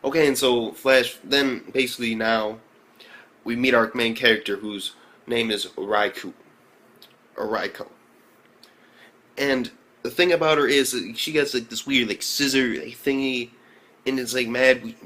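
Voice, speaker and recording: A man reviewing an anime episode in a casual vlog, slangy and profane, talking with excitable energy. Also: medium pitch, unhurried, long pauses.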